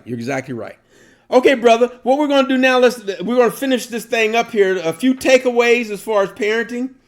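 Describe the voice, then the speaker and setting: A middle-aged man co-hosting a casual talk show, an animated storyteller who laughs often. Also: high-pitched. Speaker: podcast co-host. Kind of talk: casual chat.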